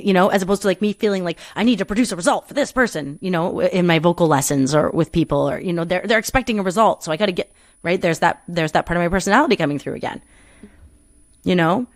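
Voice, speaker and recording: A woman with a fairly low pitch talks briskly in clean studio sound with no room tone. She performs and coaches and is a guest on a podcast, giving an earnest, reflective interview that rambles, with many restarts and plenty of "you know."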